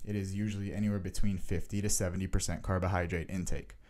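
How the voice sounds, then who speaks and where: Sarcastic, animated man ranting. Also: low-pitched, fast. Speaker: vlogger. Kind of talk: casual vlog rant.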